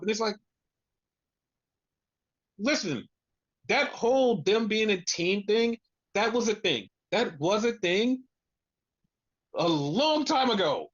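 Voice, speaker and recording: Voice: medium pitch, animated, takes it slowly, pauses often, a bit bright. A podcast co-host ranting in exasperation through a casual wrestling recap, swearing often. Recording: dull lo-fi sound.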